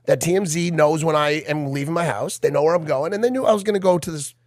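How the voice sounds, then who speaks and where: A man's voice: fairly high pitch, fast talker, dry recording, clean studio sound. A young man co-hosting a podcast, talking in casual banter and telling stories with plenty of emphasis. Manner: animated, emphatic storytelling. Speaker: podcast co-host.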